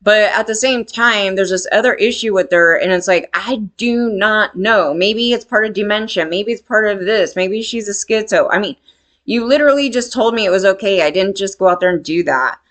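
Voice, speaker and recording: A woman's voice: mid-range voice, normal speed, fairly bright tone. Woman rambling through a personal story. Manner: rambling, emphatic, swears freely.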